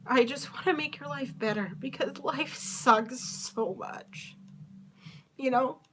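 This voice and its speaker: A young woman hosting her own podcast, speaking in a confessional, halting way, tearful with a cracking voice. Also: a little high, a bit bright. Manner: emotional, halting, confiding. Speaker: podcast host.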